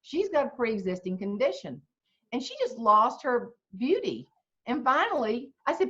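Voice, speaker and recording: Woman, Southern accent, middle-aged, folksy comic storyteller, lively and fairly high, muffled lo-fi call. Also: moderate pace. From South Carolina. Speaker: guest speaker and humorist. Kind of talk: storytelling chat. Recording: muffled lo-fi video call audio.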